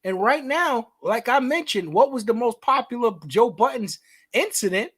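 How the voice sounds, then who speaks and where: Man, Brooklyn accent, podcast co-host, profane, high lively voice. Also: moderate pace, slightly rough. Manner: profane, loud outbursts, drawling emphasis. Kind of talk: casual chat.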